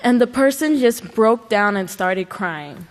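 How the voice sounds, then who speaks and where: A woman's voice: a little high, lively intonation, a little slow. A woman giving an earnest sermon at a religious service, pressing her points with rhetorical questions. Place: large worship hall. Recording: long hall reverb.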